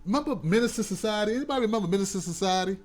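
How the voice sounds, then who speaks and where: Racing along with lively intonation, a high-pitched male talk show host from the United States addresses his audience head-on. The commentary is opinionated, emphatic and preachy.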